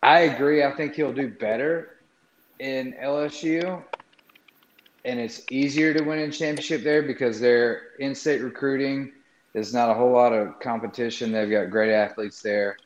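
A man co-hosting a sports talk show, blunt and hesitant, pausing often with ums. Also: mid-range voice, steady tone, slight background noise. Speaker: co-host. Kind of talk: casual sports chat. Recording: roomy, muffled mic.

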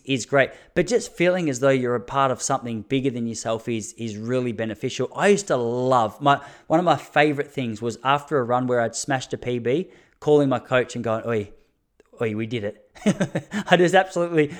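A man's voice: medium pitch, fairly quick. A man, a running coach talking frankly to his listeners in a casual solo podcast, with fillers and restarts. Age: 30s.

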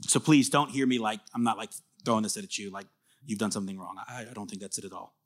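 A man preaching a sermon as pastor, earnest and conversational, swinging from emphatic bursts to soft confiding asides. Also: fairly low pitch, fairly even intonation, fast.

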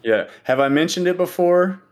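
A man co-hosting a casual podcast chat, a teacher who jokes in a dry, deadpan way. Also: high-pitched, moderate pace, a loud crowd. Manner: dry, joking, deadpan asides.

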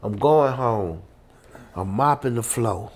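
A man, a guest telling humorous stories in an interview, animated and laughing, full of slang. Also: medium pitch, slow pace.

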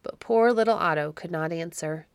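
A woman with a lowish voice reads an old storybook aloud in a measured, even way. The sound is close and dry, with no room echo. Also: clean tone. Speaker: narrator and podcast host. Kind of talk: storybook narration.

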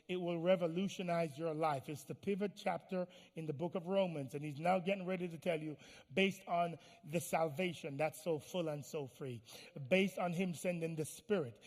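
A man preaching a sermon as pastor, pleading and repeating phrases, swinging from hushed tones to loud, fiery declarations. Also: sits high. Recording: long hall reverb.

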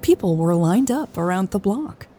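A woman's voice: medium pitch, expressive, normal speed, mellow, soft background music, close to an everyday voice. A woman reading an audiobook and voicing Elle, a playful adult woman who teases and scolds a dog. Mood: cheerful. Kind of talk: audiobook character voice.

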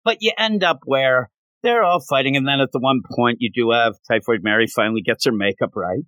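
A man's voice: mid-range voice, fairly quick, a bit bright, no room sound. A man co-hosting a comic book podcast, recapping an issue in casual chat and acting out the characters' lines. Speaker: podcast co-host.

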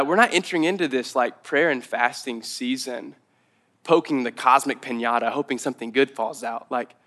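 A young man preaching a sermon as pastor, telling a personal story in an animated, conversational way. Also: mid-range voice. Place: church.

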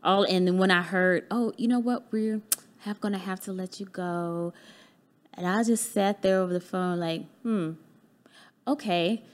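A woman guest on a podcast talks through a personal story in an earnest, heartfelt way. She acts out what people said to her as she goes, and her voice sits at a middling pitch. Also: steady tone, a little slow. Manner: candid, acts out remembered dialogue. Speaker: podcast guest, business owner.

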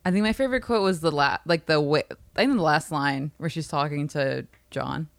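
A woman's voice: low voice, a little fast, gravelly. A woman co-hosting a podcast, chiming in with quips and laughter during a casual recap. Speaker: podcast co-host.

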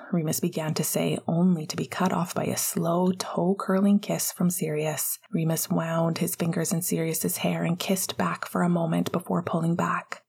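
Husky, creaky woman reading softly. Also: deep voice, steady tone, normal speed, few pauses. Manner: soft, often whispering. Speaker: audiobook narrator. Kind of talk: fan fiction audiobook narration, partly whispered.

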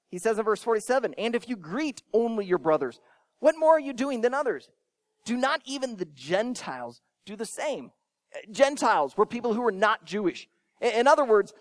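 A male pastor with a very high, animated voice that leaps up for emphasis and drops low for quiet points. He asks his young listeners questions directly as he preaches. The sound is close and dry. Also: dry recording. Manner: expressive, swinging between emphatic and soft. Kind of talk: sermon.

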